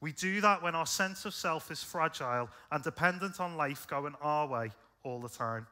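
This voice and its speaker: A British man preaching a sermon, conversational and earnest, rising in force then dropping soft. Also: on the high side, expressive, normal speed. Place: church.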